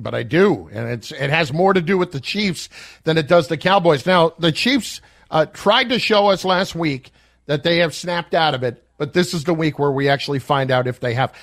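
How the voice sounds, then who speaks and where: A man's voice: a little high, no room sound, studio quality. A man giving confident football picks as an analyst on a sports talk show.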